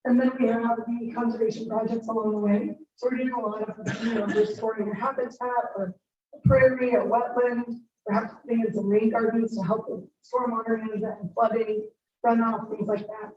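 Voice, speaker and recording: Hoarse woman presenting in a room. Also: a little high, level tone, fairly quick, a little mellow. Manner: upbeat, informal, explaining step by step. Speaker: guest speaker. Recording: distant roomy dull meeting recording.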